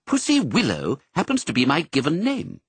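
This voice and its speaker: A man's voice: a little high, huge pitch swings, normal speed, slightly rough, dry recording, voice pushed up, full character voice. A man reading a storybook, voicing a proud, prim female cat particular about her names. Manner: prim, haughty.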